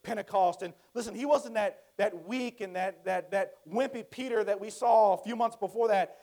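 Gravelly high-voiced male preacher. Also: brisk, hardly any pauses. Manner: conversational, swings from hushed to loud and emphatic. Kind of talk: sermon.

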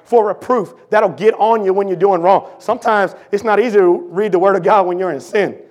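A middle-aged man with a sore throat preaches a sermon at a brisk pace. He is fervent and emphatic, calling out to the congregation as he alternates between shouted lines and low, intense asides.

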